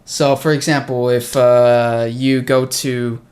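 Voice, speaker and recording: A man's voice: medium pitch, little pitch movement, slow, darkish tone. A young American man hosting a casual chat with a friend, telling stories chattily and acting out the people he quotes. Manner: chatty storyteller who acts out quoted people. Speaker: host of a language-learning channel.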